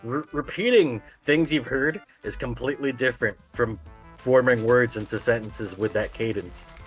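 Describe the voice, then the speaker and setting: A man talking in casual livestream voice chat. He rambles in an animated way, swears freely and laughs often. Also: mid-range voice, normal speed. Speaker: stream guest player. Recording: faint game music underneath.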